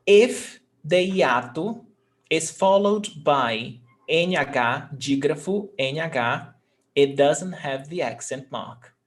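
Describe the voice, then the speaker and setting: A man's voice: fairly high pitch, lively intonation, takes it slowly. A male Portuguese teacher giving an online lesson, patiently explaining grammar rules step by step and often checking that his student understands.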